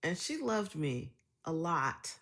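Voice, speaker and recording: A woman's voice: low-pitched, sing-song, slow pace, a bit bright. A middle-aged woman talking in a casual vlog monologue, chatty and reflective, laughing often as she tells stories. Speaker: vlogger.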